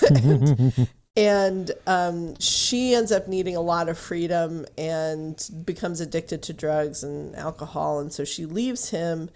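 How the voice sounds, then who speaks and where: Podcast co-host, woman, lower pitch, casual rambling book talk. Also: slow, a little mellow. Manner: chatty, lots of fillers and laughs.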